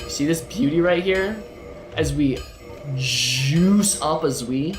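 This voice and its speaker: A man's voice: fairly high pitch, takes it slowly, faint music behind. A man live-streaming a video game, chatting with viewers and teasing them and the game in a playful way.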